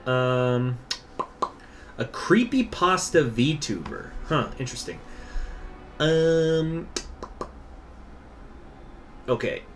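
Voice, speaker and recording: A man's voice: mid-range voice, sing-song, extremely slow, pauses often, music in the background. A man streaming a strategy game, rambling and digressing through casual commentary. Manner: rambling, digressive, filler-heavy. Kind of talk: casual gameplay livestream commentary.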